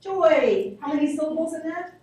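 A linguistics instructor with a high, expressive and darkish voice explains ideas at a moderate pace and responds to student questions, repeating examples aloud. The recording was made at a distance in an echoey classroom and has a little hiss or hum.

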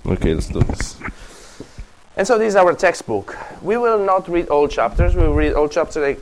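A man's voice: a little high, big pitch swings, normal speed, a little hiss or hum, poor audio. A man with an Italian accent giving a university classics lecture, rambling with many restarts, self-corrections and small laughs.

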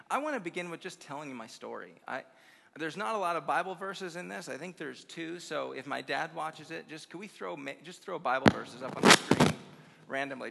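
Upbeat gravelly-voiced man preaching in a hall. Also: a little high, fairly bright tone. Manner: upbeat and effusive, chuckles through anecdotes. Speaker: guest speaker at a college chapel conference. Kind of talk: conference sermon with personal storytelling. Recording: long reverb of a large hall.

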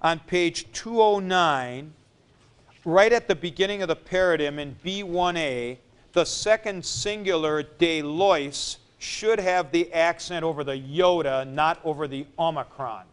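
Man teaching in a classroom, slow deliberate lecture, smooth clear voice, slightly high. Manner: deliberate, spells out forms syllable by syllable. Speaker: Greek teacher.

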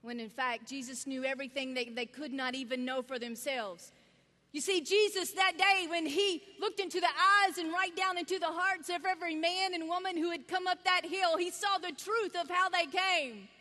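Woman preacher, very high bright voice, animated storyteller, reverberant hall. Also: normal speed. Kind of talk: sermon. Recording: long reverb of a large hall.

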